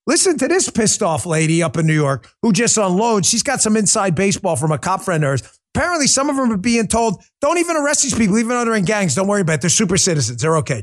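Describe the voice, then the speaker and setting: A man hosting a political commentary podcast, talking in an animated, joking and profane way. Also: high voice. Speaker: podcast host.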